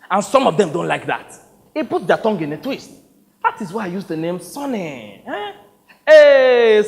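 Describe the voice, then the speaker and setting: A man doing a loud brash Nigerian agent. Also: high-pitched, long reverb tail, full character voice. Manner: loud, exuberant, coaxing. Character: brash upbeat Nigerian male talent agent.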